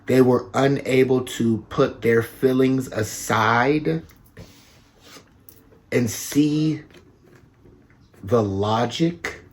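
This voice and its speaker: A man giving a casual tarot reading to his viewers, talking slowly and repeating himself, with bits of slang. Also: medium pitch. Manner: slow, repetitive, conversational with slang. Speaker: tarot reader.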